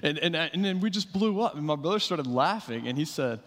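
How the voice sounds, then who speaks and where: A man's voice: a little high, lively intonation, brisk, a bit bright. A man preaching a sermon, talking conversationally with fillers and restarts as he tells stories. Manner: conversational storytelling with fillers and repeated starts. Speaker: pastor. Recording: reverberant hall.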